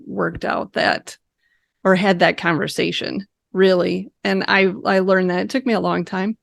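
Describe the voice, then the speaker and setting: A woman's voice: on the low side, fairly even intonation, unhurried, creaky, no room sound, studio quality. A woman guest in an interview, speaking reflectively and giving practical advice. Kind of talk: conversational interview.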